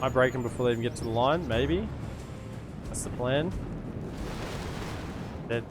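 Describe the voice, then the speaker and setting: A man's voice: medium pitch, normal speed, noisy background. A man casually commentating his strategy game as he plays, thinking aloud and amusing himself. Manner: rambling, self-amused, thinking aloud. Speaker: gaming streamer. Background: game music.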